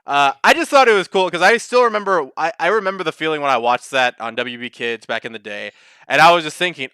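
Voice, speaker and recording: A young man co-hosting a casual podcast chat, animated and swearing, breaking into excited mock voices. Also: fairly high pitch, fast, clean tone, dry recording, clean studio sound. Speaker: podcast co-host.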